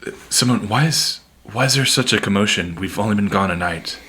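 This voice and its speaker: A man's voice: lowish voice, brisk, pushed and bright, slight background noise. A man playing in a tabletop game, asking the game master questions in casual table talk. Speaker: player.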